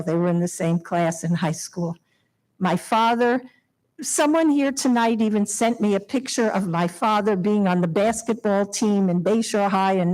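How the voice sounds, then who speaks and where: A woman's voice: mid-range voice, darkish tone, rough recording. Woman, 70s, Long Island resident; earnest, emotional public comment at a podium mic in a town meeting room. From Long Island, New York. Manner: emotional, heartfelt pleading with nervous laughs. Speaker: resident speaking at public hearing. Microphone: podium microphone.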